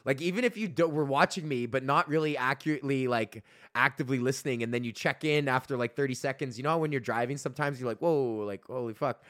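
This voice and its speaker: A man hosting a podcast, telling a profane, animated story in a casual rant, often laughing. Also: medium pitch, fast, dry recording, clean studio sound. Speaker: podcast host. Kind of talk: casual ranting monologue.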